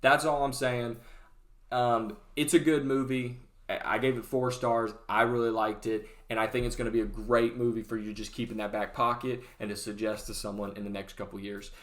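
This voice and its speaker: Young male movie-review host, mid-pitched, loose and rambling, self-interrupting. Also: flat delivery, a little fast. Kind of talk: casual rambling vlog rant.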